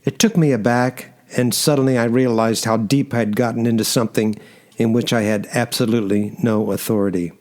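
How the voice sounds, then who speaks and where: Male narrator, mid pitch, measured first-person audiobook read. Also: steady tone, darkish tone.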